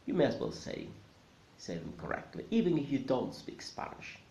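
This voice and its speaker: A man teaching a language in a video lesson, lively and emphatic, repeating words slowly for practice. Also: medium pitch, vocal fry, slight background noise. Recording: echoey room, dull lo-fi sound.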